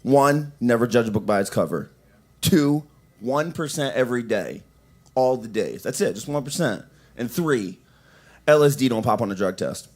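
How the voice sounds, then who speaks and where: A man's voice: mid-range voice, expressive, moderate pace, a little mellow. A young man doing open mic stand-up in a coffee shop, rambling with lots of restarts and fillers. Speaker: stand-up comedian.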